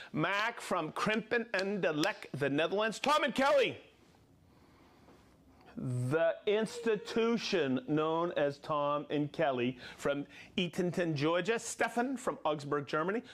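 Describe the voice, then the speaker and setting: A man hosting a live product show, chatting energetically, joking and laughing often as he reads out viewer shout-outs. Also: sits high. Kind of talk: lively live-stream chat reading viewer shout-outs.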